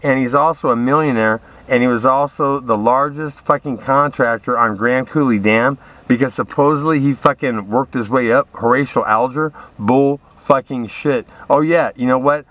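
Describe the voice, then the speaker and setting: A man's voice: mid-range voice, moderate pace, few pauses, fairly bright tone, no echo. A man in a profane, rambling, aggrieved rant, talking straight at his listeners. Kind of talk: ranting monologue to camera.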